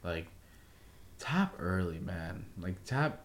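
A young man chatting casually on a podcast, relaxed and chiming in with short replies. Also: deep voice, slow pace. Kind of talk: casual chat.

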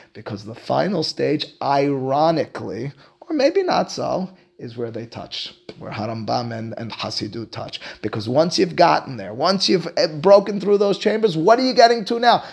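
A man, a rabbi, giving a lecture to a class, animated and emphatic, then dropping into quiet asides. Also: mid-range voice, moderate pace, gravelly, hardly any pauses. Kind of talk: classroom lecture on Jewish philosophy.

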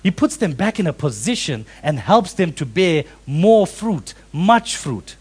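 A man preaching a sermon, animated and acting out quoted voices. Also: fairly high pitch, measured pace, slightly rough. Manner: animated, acts out quoted voices with big swings in loudness. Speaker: pastor.

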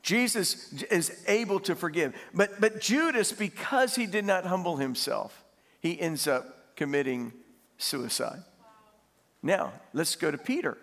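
A man preaching a sermon, animated and laughing as he tells stories and asks the congregation questions. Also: high-pitched, unhurried. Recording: long hall reverb.

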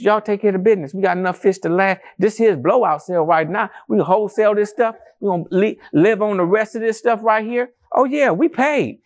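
A male pastor preaching a sermon to a congregation in a church, animated and conversational, with rhetorical questions and calls to the congregation. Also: high-pitched. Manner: addresses the congregation as family, calls for responses.

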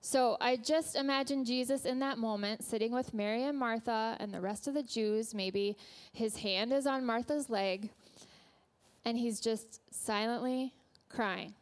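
Unhurried, earnest woman preaching. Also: a little high, clear, resonant tone. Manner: earnest, gentle, storytelling. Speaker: church speaker, nurse. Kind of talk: sermon. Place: church.

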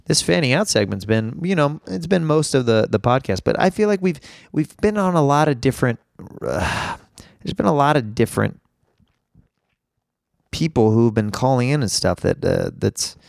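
A man with laryngitis hosts a solo podcast, rambling and poking fun at himself. His voice is gravelly and rough, and it jumps around in pitch. It sounds close and dry. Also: moderate pace, dry recording. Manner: rambling, self-mocking, excitable. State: hoarse from laryngitis. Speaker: podcast host. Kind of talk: casual solo podcast chat.

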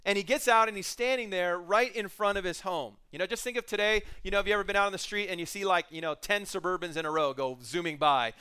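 Bright, high-voiced joking male preacher. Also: fast, few pauses, smooth. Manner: casual, joking storyteller who acts out scenes. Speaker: pastor. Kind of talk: sermon.

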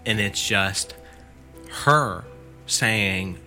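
Man, low pitch, bright forceful tone, casual story retelling, lots of "like", faint music behind. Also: drawn-out words. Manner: filler-heavy, lots of "like", quotes the storyteller. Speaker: podcast host retelling a scary story.

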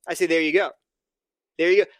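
This man, a podcast guest, has a slightly high voice with a steady tone and speaks fairly quickly. In casual conversation he argues his point earnestly, performing both sides of imagined dialogues. The recording is dry.

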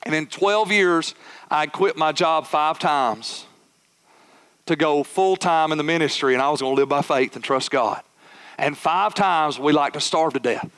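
A man preaching a sermon as a pastor, telling a personal story with animated, acted-out dialogue. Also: fairly high pitch, a little slow, smooth.

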